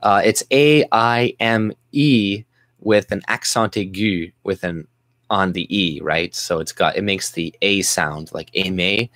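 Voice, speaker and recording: A man's voice: sits low, takes it slowly, fairly bright tone, dry recording, studio quality. A man ranting on his video channel in a mocking, profane way, full of rambling restarts. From Canada. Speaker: YouTuber ranting at the camera. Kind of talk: profane sarcastic rant.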